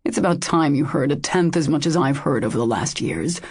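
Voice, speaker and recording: A woman's voice: low-pitched, animated, a little fast, darkish tone, breathy edge. A woman voicing a jealous, angry lover who speaks harshly and coldly, in an audiobook. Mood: harsh, bitter. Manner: harsh, cold, cutting.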